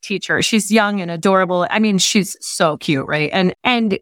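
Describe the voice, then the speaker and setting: A woman's voice: medium pitch, normal speed, hardly any pauses, a bit bright, no echo, studio quality. A woman guest telling stories in a casual interview, gushing and chatty. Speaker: guest, nonprofit co-founder.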